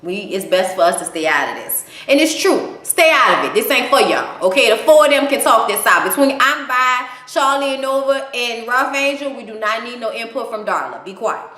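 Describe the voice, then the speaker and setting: A woman's voice: fairly high pitch, lively intonation, normal speed, few pauses, bright, forceful tone. A woman giving a casual, blunt spoken recap of a TV episode, swearing freely and giving strong opinions. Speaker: TV show reviewer. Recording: echoey room.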